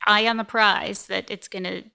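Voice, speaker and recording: A woman co-hosting a casual podcast as a financial planner. She chimes in with quick agreements and dry, joking asides. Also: mid-range voice, fairly even intonation, creaky, sharp tone, clear, resonant tone. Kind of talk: casual advisory podcast chat.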